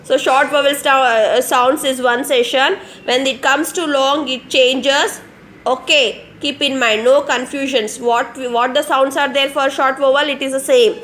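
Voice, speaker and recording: A woman's voice: high voice, steady tone, unhurried, fairly bright tone, slight background noise. A woman teacher with an Indian English accent giving an online phonics lesson to young children, spelling words out letter by letter and repeating them patiently. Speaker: kindergarten teacher.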